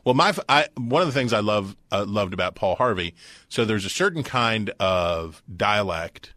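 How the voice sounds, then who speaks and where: A man's voice: on the low side, animated, normal speed, sharp tone, dry recording. A man co-hosting a podcast, talking in a casual, rambling way with folksy comparisons and a wry tone. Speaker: podcast co-host. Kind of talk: casual chat.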